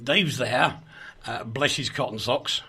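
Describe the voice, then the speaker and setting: A man's voice: medium pitch, takes it slowly, sharp tone, slightly rough. A man hosting a radio show in a small studio, chatting casually and rambling in a self-mocking way. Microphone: studio microphone.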